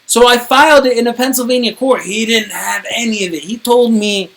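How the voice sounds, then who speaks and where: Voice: medium pitch, a little fast, hardly any pauses, fairly bright tone. Indignant streamer rambling about a lawsuit. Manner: indignant, wordy, swears casually. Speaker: streamer recounting own court case. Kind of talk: casual rambling monologue to viewers.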